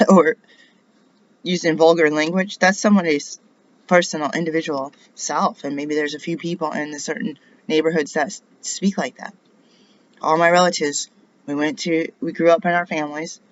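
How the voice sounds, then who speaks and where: A woman's voice: deep voice, steady tone, unhurried, pauses often. Indignant middle-aged woman, dull lo-fi. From United States. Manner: indignant, rambling, rhetorical questions. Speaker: vlogger. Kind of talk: rambling personal monologue.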